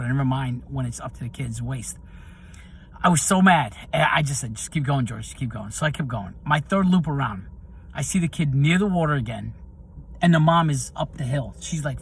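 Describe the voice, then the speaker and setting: Speaking to camera as a video host, a middle-aged man recounts personal stories in a relaxed monologue. He becomes animated and heated over what angered him. His pitch is fairly high and gravelly, with slight background noise.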